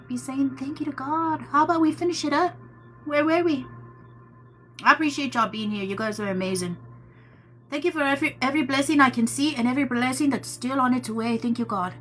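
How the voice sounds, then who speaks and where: High bright-voiced woman chatting live. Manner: chatty and teasing, talks to viewers as "my love". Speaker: tarot reader hosting a live stream. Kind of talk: casual live-stream chat, answering viewers.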